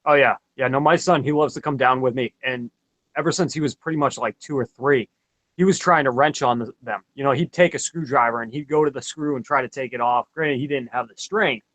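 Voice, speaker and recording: A man's voice: mid-range voice, a little fast, a bit bright, no echo. A man chatting casually as a guest, easygoing and agreeing with short replies. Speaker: guest in an RC hobby hangout. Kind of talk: casual chat.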